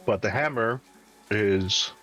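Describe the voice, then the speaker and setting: A man playing a tabletop game, hesitant and halting, clearing his throat. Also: fairly low pitch, fairly bright tone, lo-fi sound, faint music behind. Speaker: player.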